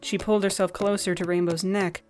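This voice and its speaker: A woman narrating a fan-fiction story in a gentle, even reading style. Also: medium pitch, a little fast, faint music behind.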